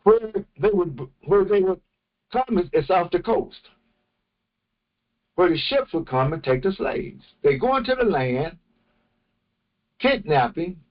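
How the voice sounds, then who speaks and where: A man teaching a morning religious session, speaking slowly and deliberately and often restarting his phrases. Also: high voice, animated, lo-fi sound. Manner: slow, deliberate, with many restarts. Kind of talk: morning lecture.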